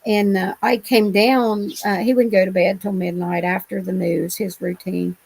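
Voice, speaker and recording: Gravelly-voiced woman telling her story. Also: mid-range voice, fairly even intonation, normal speed, a little mellow, rough recording. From Ohio. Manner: rambling, colloquial, many restarts. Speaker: interview guest. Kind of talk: telling personal encounter stories.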